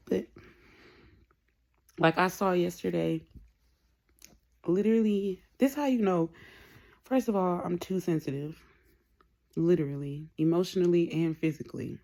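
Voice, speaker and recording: A young woman rambles candidly to her camera, her low voice full of gravelly fry. She drifts between plain talk and soft whispers as she thinks aloud. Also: a little slow, long pauses. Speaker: vlogger. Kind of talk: casual personal vlog.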